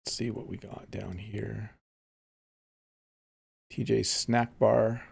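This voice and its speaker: A man's voice: on the low side, flat delivery, slow pace, vocal fry, husky. A man teaching English on a casual live stream, chatting easily and reading viewer comments aloud while he plays a game. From Canada.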